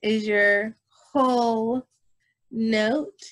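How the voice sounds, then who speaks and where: Slow, patient woman music teacher. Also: on the high side, steady tone. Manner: slow, patient, repeats herself and checks with "okay?"; demonstrates whispering and shouting voices. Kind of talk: recorded lesson for young children.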